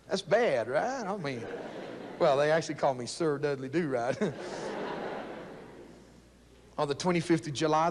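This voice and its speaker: An older man, giving a folksy, joking motivational speech to young people about loyalty and his war years. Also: fairly high pitch. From South Texas. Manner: folksy, jokey, fired-up preaching. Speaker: speaker telling his war story. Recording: long echo of a big hall.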